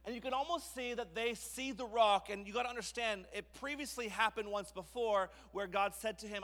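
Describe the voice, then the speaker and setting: Male preacher, high bright voice, jokey storytelling sermon, church hall reverb. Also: steady tone, brisk, few pauses. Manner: playful, jokey, acts out scenes. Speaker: guest preacher. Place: church sanctuary.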